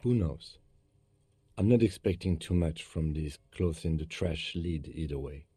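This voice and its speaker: A man voicing a calm, reserved police partner in a video game, speaking in a measured, understated way. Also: rumbling low, husky, dry recording, exaggerated voice.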